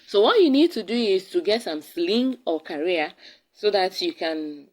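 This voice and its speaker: Speaking a little slowly with lively intonation and a medium-pitched voice, a Ghanaian English-accented woman offers expectant mothers informal advice in her parenting vlog. She repeats important words to stress them, and the recording is low quality.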